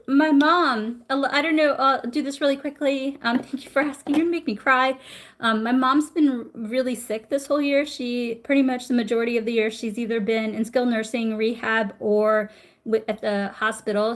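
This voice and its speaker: A middle-aged woman teaching acupressure on a live stream, chatty and warm, stopping to greet viewers. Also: a little high, level tone, moderate pace. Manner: warm, chatty, reads viewer comments aloud. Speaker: acupressure instructor. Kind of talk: live-streamed health lesson.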